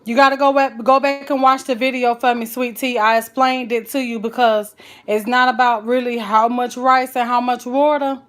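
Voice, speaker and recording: A woman's voice: fairly high pitch, level tone, moderate pace. A woman chatting folksily while cooking on a live stream, calling her viewers child and honey. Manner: folksy and chatty, full of endearments.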